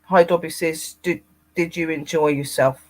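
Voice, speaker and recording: A man's voice: fairly high pitch, steady tone, moderate pace. A man co-hosting a casual paranormal livestream, rambling and greeting viewers by name.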